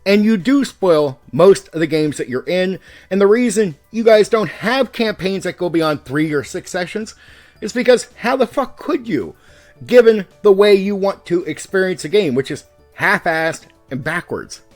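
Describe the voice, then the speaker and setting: A man hosting his own channel, giving a heated, profane rant to the camera as a longtime game master, moving between raised and calm speech to push his point. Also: high-pitched, normal speed, faint music behind. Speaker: YouTube host and game master. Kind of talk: ranting commentary to the camera.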